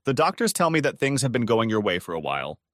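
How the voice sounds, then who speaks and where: A man's voice: mid-range voice, very animated, fast, fairly bright tone, no echo, clean studio sound. A man voicing a middle-aged police inspector who speaks in a formal, courteous way.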